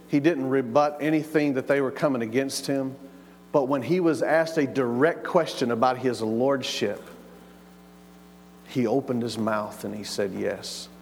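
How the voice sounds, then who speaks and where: A man's voice: mid-range voice, slight background noise. Male pastor, emphatic sermon, repeats himself, acts out quotes, church hall reverb. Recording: long reverb of a large hall.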